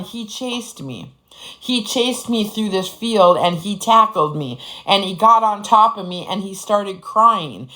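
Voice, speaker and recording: A woman from Upper Michigan tells her own story in plain, casual talk, cursing freely and calling her listeners "bestie". Her voice is bright and forceful. She talks to her audience directly and bluntly. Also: medium pitch, poor audio. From Upper Michigan, United States. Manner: blunt and profane, often addresses listeners as "bestie".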